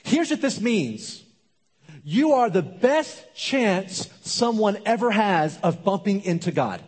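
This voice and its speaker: Male pastor, slightly high and husky, preaching emphatically in a hall with long reverb. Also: big pitch swings, takes it slowly. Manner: emphatic, repetitive preaching rhythm with dramatic drops to a hush. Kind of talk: sermon.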